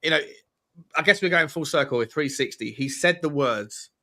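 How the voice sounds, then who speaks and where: A young man hosting a livestream, energetic and rambling with restarts. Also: fairly high pitch, normal speed. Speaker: livestream host. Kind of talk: casual livestream chat.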